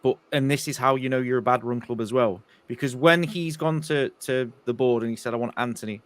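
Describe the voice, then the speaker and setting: A man's voice: mid-range voice, fairly even intonation, fairly quick, no room sound. A man co-hosting a casual fan chat, blunt and frustrated, swearing now and then.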